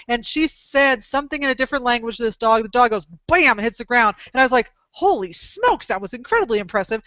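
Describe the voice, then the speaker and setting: Bright, crisp-voiced woman telling animated stories. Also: on the high side, no room sound, lo-fi sound. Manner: animated, rambling anecdotes with exclamations. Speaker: podcast host, dog trainer. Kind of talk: casual storytelling chat.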